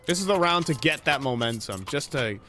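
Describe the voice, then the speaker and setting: A man calling a live esports match with quick, playful, teasing banter. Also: on the high side, lively intonation, bright, forceful tone, soft background music. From North America. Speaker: esports commentator. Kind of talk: live play-by-play commentary.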